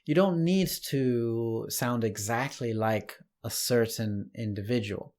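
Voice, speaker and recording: A man giving a casual online English lesson, relaxed and chatty, with light laughs and restarts. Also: medium pitch, slow. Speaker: English teacher.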